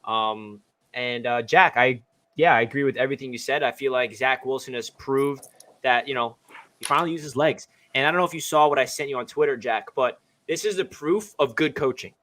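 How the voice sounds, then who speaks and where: A man hosting a casual sports chat, excitable and quick-talking. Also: mid-range voice. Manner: excitable, talks fast. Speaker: podcast host.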